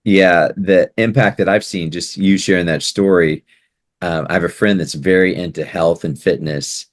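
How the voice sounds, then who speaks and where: Low-voiced man hosting, dry sound. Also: steady tone, moderate pace, dry recording. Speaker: podcast host. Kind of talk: casual interview chat.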